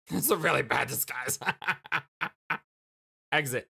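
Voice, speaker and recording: A woman hosting a let's play, reading the game text aloud and chatting with viewers. She is stuffy and congested, giggly, and signs off with warm, affectionate words. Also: a bass voice, takes it slowly, vocal fry, pauses often, breathy edge.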